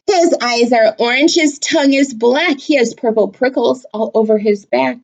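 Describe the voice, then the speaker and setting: A woman's voice: a little high, normal speed, pitched above the performer's own voice, natural voice. A woman reading aloud and voicing a small, clever, boastful mouse. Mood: confident.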